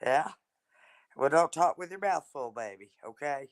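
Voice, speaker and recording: A woman's voice: sits low, expressive, moderate pace. A woman chatting as a guest on a livestream, teasing and telling stories. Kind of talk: casual chat on a livestream.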